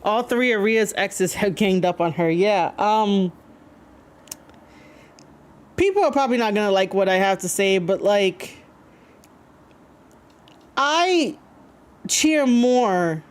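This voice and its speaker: A woman's voice: medium pitch, animated, slow pace, long pauses, darkish tone. A woman streaming live, chatting casually to her viewers with many fillers, rambling and reading chat messages aloud. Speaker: streamer reacting to wrestling.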